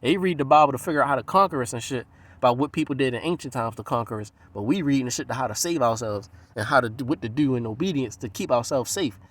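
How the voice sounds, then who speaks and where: A man from the US East Coast giving a casual, profane, streetwise monologue, animated and jumping into other people's voices as he talks. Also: mid-range voice, quick pace.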